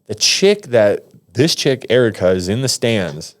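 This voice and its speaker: Slangy, rambling man with a low voice. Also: sing-song, unhurried. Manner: rambling, slangy, lots of restarts. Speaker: guest, pro fighter. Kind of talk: casual storytelling. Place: podcast studio.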